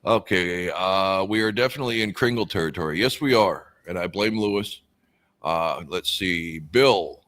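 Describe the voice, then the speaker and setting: Deep-voiced male stream host, rambling, casual, reads out chat. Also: animated, normal speed, fairly bright tone. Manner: rambling, musing aloud with many fillers.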